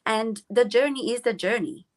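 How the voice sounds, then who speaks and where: A woman guest on a talk show, speaking reflectively and haltingly with many pauses and fillers. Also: fairly high pitch. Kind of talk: casual reflective chat.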